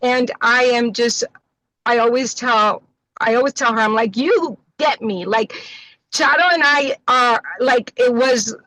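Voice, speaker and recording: A woman's voice: fairly high pitch, unhurried, bright, forceful tone, poor audio. A middle-aged woman giving an emotional tribute over a video call from her parked car, mixing in Spanish endearments. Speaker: guest well-wisher.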